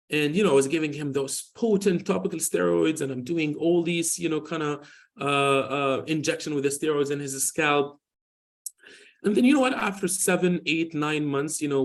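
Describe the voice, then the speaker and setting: A man in his forties with a slightly high voice gives a hospital lecture on skin medicine. His speech rambles, often looping back through "you know" and restarts. He tells patient stories in an easygoing, informal way. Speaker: dermatologist giving a hospital lecture.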